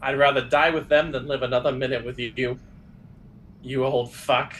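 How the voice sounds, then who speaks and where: A man's voice: medium pitch, steady tone, fairly quick, slight background noise, close to an everyday voice. Guy doing a fired servant, plain everyday voice, a bit shaken. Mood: defiant.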